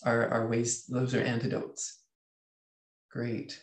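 Male coach, webinar host, lively, reads chat aloud, echoey room. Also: mid-range voice, slow. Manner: lively, reads out chat comments, acts out inner voices. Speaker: leadership coach. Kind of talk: webinar teaching.

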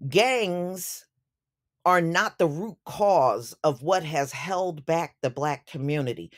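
A woman's voice: low-pitched, animated, slow pace. A woman delivering an opinion commentary vlog, speaking emphatically and indignantly and repeating phrases for effect. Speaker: YouTube commentator.

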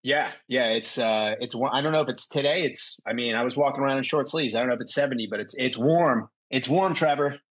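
A man's voice: mid-range voice, fairly quick, few pauses, breathy edge. A young adult man, a doctor guest, telling a story in casual chat over a video call, swearing freely and acting out the people he quotes. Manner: profane, animated, acts out quoted people.

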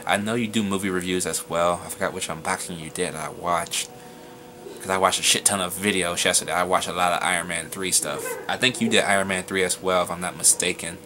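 A young man in a casual, rambling vlog monologue, giving shoutouts with loose, profane talk that stumbles over names. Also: sits low, fairly even intonation, a little fast, noisy background.

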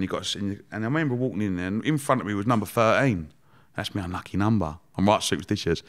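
Chatty man telling stories. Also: mid-range voice. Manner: lively, chatty, slangy, laughing as he tells it. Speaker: guest, entrepreneur. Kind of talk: casual storytelling.

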